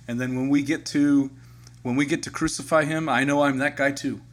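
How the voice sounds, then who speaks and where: A man's voice: medium pitch, steady tone, a little fast. A man co-hosting a podcast, speaking earnestly and reflectively in casual conversation with his co-host. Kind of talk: casual chat.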